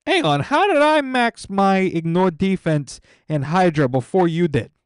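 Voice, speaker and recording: A man streaming a game live, teasing viewers about their accounts in an excitable, incredulous way, rambling and restarting when stressed. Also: high-pitched, unhurried, smooth, no room sound, studio quality. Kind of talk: live gaming stream commentary.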